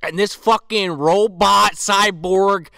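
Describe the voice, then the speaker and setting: Man, high bright voice, smooth and clear, dry close sound, joking podcast chat. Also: steady tone, slow, dry recording. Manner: joking, profane. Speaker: podcast co-host. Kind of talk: casual movie-riffing chat.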